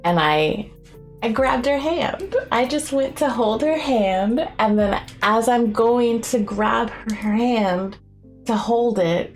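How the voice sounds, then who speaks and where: A woman's voice: medium pitch, a little mellow. A young woman chatting casually on a live stream, rambling and giggling often, with a self-deprecating streak. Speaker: streamer and artist.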